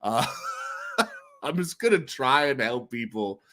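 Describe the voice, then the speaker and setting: A man hosting a casual livestream with a bright, forceful voice. He rambles, laughs often and swears, and his pitch swings widely as he jumps into loud, high outbursts. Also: expressive, measured pace. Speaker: livestream host.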